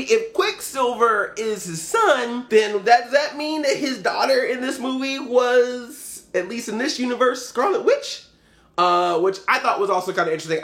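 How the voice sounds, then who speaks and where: Male vlogger, high-pitched, animated casual film-review delivery with frequent laughs. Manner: animated, laughs often, acts out scenes in quoted voices. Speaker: movie reviewer. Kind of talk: casual movie review rant.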